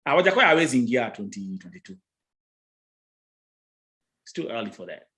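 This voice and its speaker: A man's voice: mid-range voice, sing-song, brisk, pushed and bright. A man with a Kenyan accent hosting a live stream, chatting casually and teasing his viewers. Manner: teasing, playful, bantering.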